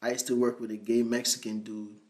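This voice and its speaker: A man's voice: medium pitch, little pitch movement, a little fast, darkish tone. A man doing casual reaction commentary, talking bluntly in a slangy, profane way. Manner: blunt, profane, slangy, asks viewers to subscribe.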